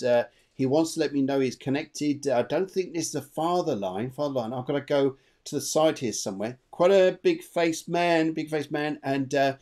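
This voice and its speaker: A man giving live psychic readings as co-host of an online show, chatty and animated, repeating himself as he goes. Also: mid-range voice. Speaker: medium and co-host. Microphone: video call.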